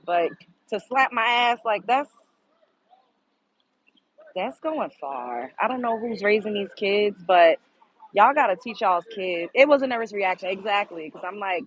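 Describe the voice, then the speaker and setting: A woman's voice: fairly high pitch, expressive, normal speed, fairly bright tone, dull audio. A woman hosting a live stream, chatting casually and exclaiming straight to her viewers. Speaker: livestream host.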